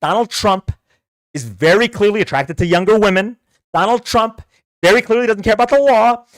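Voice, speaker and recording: High-pitched and fairly bright, this man speaks at a normal pace with no room sound. It's a heated livestream political rant: as debate host he's sarcastic and combative, egging viewers on to come argue with him.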